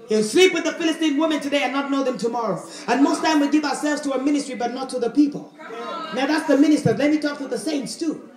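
A woman pastor preaching a fiery sermon with call-and-response, rising often into shouts. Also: sits high, fast. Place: church sanctuary with congregation. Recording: echoey church with crowd.

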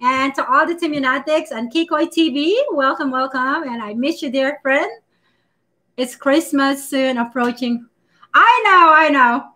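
A woman hosting a casual live baking stream, chatting warmly with viewers, greeting them by name and laughing often as she works. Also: high-pitched, fairly even intonation, a little slow.

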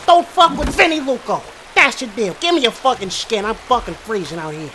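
A man's voice: very high-pitched, very animated, brisk, background noise, voice pushed up. A man voicing a brash, foul-mouthed mafia mob boss during in-character game commentary, swearing constantly and swinging between cocky boasts and jittery nerves. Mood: triumphant. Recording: game music clearly behind the voice. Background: game music.

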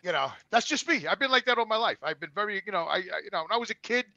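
A man chatting as a guest on a video call, telling stories excitably and often repeating and restarting his words. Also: high voice, very fast, vocal fry, no room sound, muffled recording. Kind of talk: casual livestream chat.

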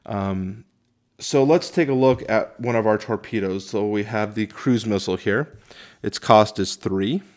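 A man with a somewhat low voice talks through a tabletop game review in a casual way. He reads the card text slowly and stops often to think, with plenty of ums and restarts between points. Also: darkish tone. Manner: halting, many fillers, reads rules slowly.

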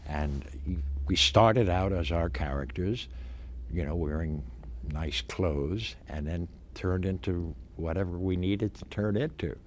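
An older man, an actor, reminiscing in an interview in a halting way, with many fillers and restarts. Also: deep voice, slight background noise. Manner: halting, many fillers and restarts, animated when stressing points.

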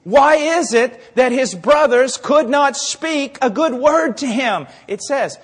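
A man delivers an impassioned sermon in a strikingly high voice. He drives his points with rhetorical questions and dramatic pauses, and his words ring out with a long reverb through a large hall. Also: expressive, breathy edge. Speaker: preacher.

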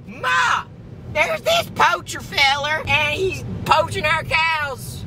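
A man putting on a yelling Southern farmer with a drawl, calling out about poachers, over road noise from a car. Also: very high-pitched, sing-song, slow pace, vocal fry, pitched above the performer's own voice, exaggerated voice. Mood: hollering. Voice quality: drawling, hollering. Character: hollering rural Southern farmer man, middle-aged.

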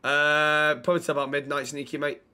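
A man's voice: on the high side, level tone, brisk, bright, forceful tone, clear, resonant tone. A young man streaming a role-play game, chatting casually and swearing freely. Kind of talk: casual role-play and chat shout-outs.

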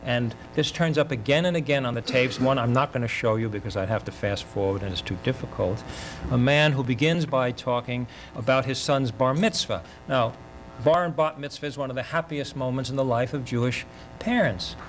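An older man giving an academic lecture in a measured, reflective way, often pausing mid-thought. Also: mid-range voice, slight background noise, low-quality recording. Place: university lecture.

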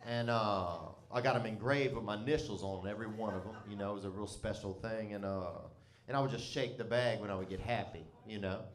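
A man's voice: fairly low pitch, steady tone, fairly quick, roomy sound. A man telling a comic story in a loose, rambling, profane way, often breaking into laughter. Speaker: comedian.

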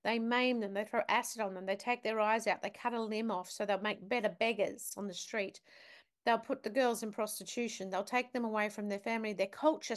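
A woman, a guest on a talk show, telling a story vividly and emphatically and putting questions to the listener. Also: mid-range voice. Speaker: podcast guest, business academic. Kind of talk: storytelling in conversation.

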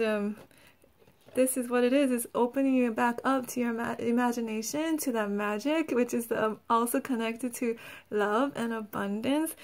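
In a guided healing session, a woman energy healer speaks gently and soothingly, laughing often and saying "like" a lot. Her voice is fairly high in pitch.

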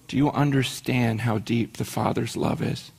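A middle-aged man preaching a sermon as a pastor, swinging from hushed to urgent and asking the congregation rhetorical questions. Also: medium pitch, fairly even intonation, normal speed, creaky, husky.

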